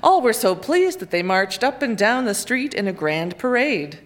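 A woman narrates a children's fairy tale aloud, with expressive, lively storybook delivery. Her voice sits in a mid range. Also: on the high side, normal speed. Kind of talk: reading a children's picture book aloud.

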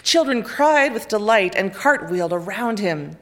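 A woman reading a children's picture book aloud in an expressive, lively storytelling way. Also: medium pitch, measured pace.

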